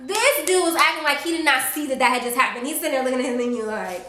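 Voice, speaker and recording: Woman sassy, animated storyteller. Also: high voice, racing. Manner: animated, sassy storytelling with lively acted quotes. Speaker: vlogger. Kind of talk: casual storytime. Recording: roomy echo.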